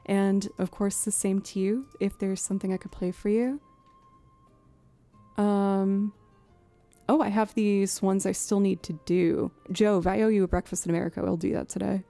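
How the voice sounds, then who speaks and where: A woman in her thirties from outside Boston, New England, chats casually and rambles to viewers on her live stream, using plenty of fillers. She's a streamer and musician whose Boston accent carries a creeping Southern twang. Her mid-range voice is creaky and mellow, with fairly even intonation and normal speed, over soft background music.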